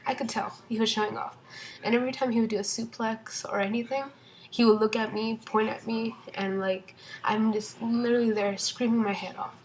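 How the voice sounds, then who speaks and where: A young woman telling a storytime vlog from home in a casual, excited way, rambling with lots of fillers and restarts. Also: a little high, fairly quick, low-quality recording. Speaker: vlogger.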